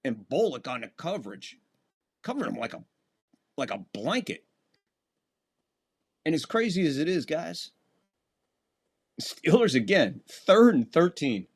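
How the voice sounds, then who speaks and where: A man's voice: on the high side, big pitch swings, a little slow, long pauses, slightly rough. Chatty man calling football play-by-play. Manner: casual, chatty, talks to chat between plays, voice jumps up on big plays. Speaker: host and play-by-play caller. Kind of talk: live fan play-by-play commentary.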